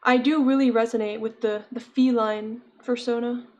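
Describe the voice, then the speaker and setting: A woman's voice: on the high side, steady tone, normal speed, a little mellow, highs cut off. A young woman chatting casually with her viewers while she crochets, giggling often and answering chat. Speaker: streamer.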